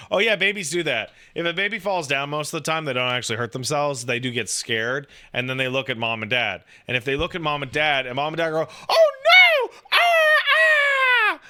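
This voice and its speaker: A man's voice: mid-range voice, clear, resonant tone. A man chatting casually, rambling and swearing, packing his talk with "like" and acting out the voices in his stories. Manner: profane, rambling, animated storytelling with acted-out quotes; filler-heavy, says "like" constantly. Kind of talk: casual chat.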